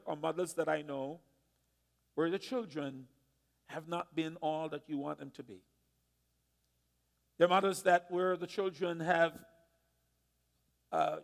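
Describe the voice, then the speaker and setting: A man preaching in a church, his voice sitting very high for a man. He tells a story dramatically, swinging from hushed lines to loud ones. A long reverb trails every phrase. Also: creaky. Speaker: pastor. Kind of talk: sermon. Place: church sanctuary.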